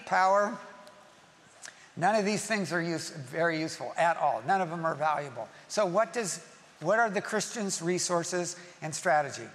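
A man preaching a sermon to a congregation, lively and playful, acting out quoted voices. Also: high voice. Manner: animated, acts out quoted voices and jokes with the congregation. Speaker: pastor. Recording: long reverb of a large hall, faint ambience.

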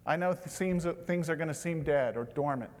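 A man preaching a sermon, dropping to a hushed tone for tender lines and rising to loud, emphatic bursts. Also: a little high, brisk. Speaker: pastor. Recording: long hall reverb.

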